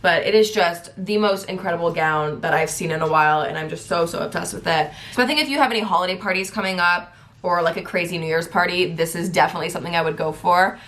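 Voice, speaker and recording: Young woman, beauty vlogger, casual gift guide chat, rapid excited delivery, slightly lower voice. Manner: fast, giddy and excitable.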